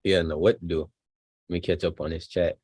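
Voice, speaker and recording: A man's voice: low-pitched, flat delivery, fast talker, a little mellow, slightly rough, no room sound. A man hosting a live stream, reacting to a video with chatty, laughing asides and reading viewer comments. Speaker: channel host reacting to a video.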